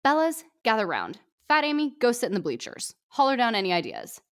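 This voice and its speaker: A woman's voice: on the high side, huge pitch swings, brisk, clean tone, voice pushed up. A woman voicing a snooty, bossy young female choir co-captain who gives snippy, commanding orders.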